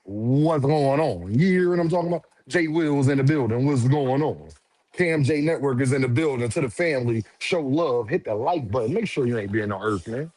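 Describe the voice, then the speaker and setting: A man hosting a casual livestream, firing off lively, repetitive shout-outs to viewers with slangy banter. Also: mid-range voice, fairly quick. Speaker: livestream host.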